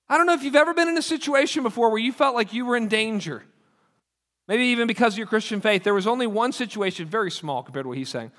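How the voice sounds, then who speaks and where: A man's voice: extremely high pitch, expressive, quick pace, fairly bright tone. A man preaching a sermon as pastor, in an emphatic, urgent way. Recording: long hall reverb.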